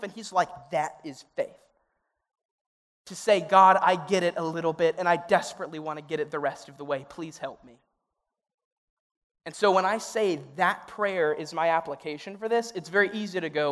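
Earnest young preacher in a reverberant hall. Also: male voice, high voice, normal speed, pauses often, fairly bright tone. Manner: earnest and conversational, grows emotional and pleading. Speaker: youth pastor. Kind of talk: sermon.

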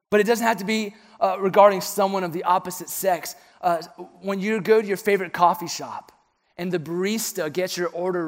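A young male pastor preaching with a slightly high voice. He tells stories earnestly, sinking soft and low for confessions and lifting for questions. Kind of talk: sermon.

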